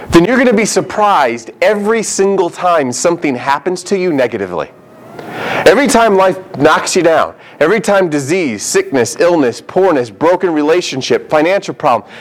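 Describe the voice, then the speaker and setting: A man's voice: a little high, very animated, brisk, low-quality recording. A man, a pastor, preaching a sermon in an emphatic way and acting out quotes.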